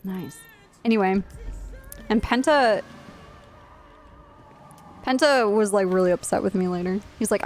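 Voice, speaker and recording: Woman, twenties, streamer, casual storytelling, profane, blunt, rambling, middle pitch, faint background music. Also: fairly even intonation, unhurried, pauses often. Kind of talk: casual storytelling while live streaming a game.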